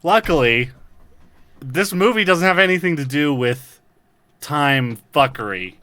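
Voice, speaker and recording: A man hosting a podcast in casual chat, jokey and quick to laugh. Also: fairly high pitch, expressive, sharp tone, no room sound. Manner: jokey, laughs often, reads recap lines in a put-on Midwestern voice. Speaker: podcast host.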